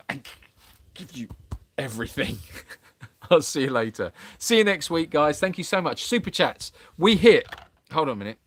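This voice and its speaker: A man's voice: medium pitch, fairly bright tone, slight background noise. A man hosting a live Q&A stream, worn out, reading viewers' comments aloud and bantering playfully with them in casual chat.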